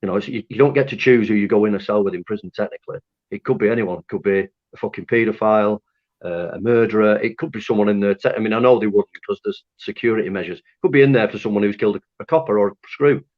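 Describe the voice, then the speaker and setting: A man from Lancaster, telling his story to an interviewer in an animated, candid way, swearing freely and laughing at himself. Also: lowish voice, fast. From Lancaster, North West England. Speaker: interview guest. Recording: dull lo-fi audio.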